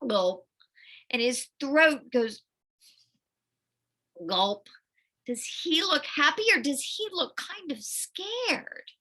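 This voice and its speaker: A woman teacher reading a storybook to children, with lively sound effects and questions to the listeners. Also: high voice, slow, few pauses. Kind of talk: storybook read-aloud for children.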